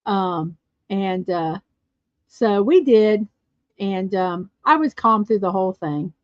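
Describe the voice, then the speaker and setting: A woman hosting a casual livestream chat show, chatty and quick to laugh as she tells stories and answers viewer comments. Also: medium pitch, expressive, dry recording. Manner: chatty, laughs often, storytelling. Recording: dull lo-fi dry sound.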